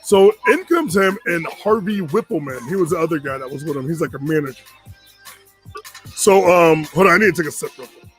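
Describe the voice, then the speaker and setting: A man in his forties from Connecticut tells a long story casually and animatedly, acting out the other people's lines. His voice is fairly high and brisk, with faint music behind.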